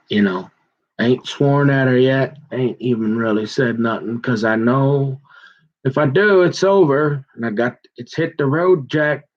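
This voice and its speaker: Man, mid-pitched, aggrieved rambling monologue, halting restarts, muffled lo-fi audio. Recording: dull muffled lo-fi recording.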